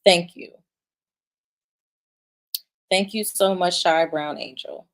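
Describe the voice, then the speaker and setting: A young woman delivers opinionated vlog commentary in a fairly low voice. She is blunt and emphatic, swears freely, and often restarts her sentences as she presses her point. Now and then she reads viewer comments aloud. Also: steady tone, slow. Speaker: commentary vlogger.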